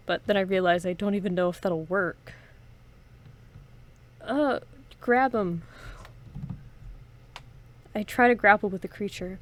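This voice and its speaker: A gravelly, mid-range voice belongs to a woman hosting a playthrough of an interactive horror story. She reads it in first person with a dramatic edge, breaking off for relaxed, joking side comments.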